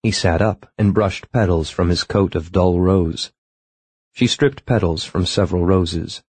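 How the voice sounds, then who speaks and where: A man reading an audiobook in measured, even scripted narration. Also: sits low, slightly rough, dry recording.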